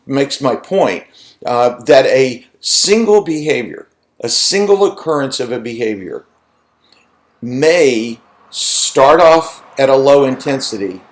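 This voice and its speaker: A man lecturing in a conversational way, posing rhetorical questions to his students. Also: medium pitch. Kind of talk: recorded lecture.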